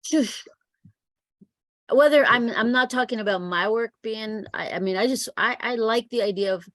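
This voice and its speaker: A woman's voice: on the high side, moderate pace, no room sound, clean studio sound. A woman poet chatting with enthusiasm, with many fillers and restarts. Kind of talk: casual chat.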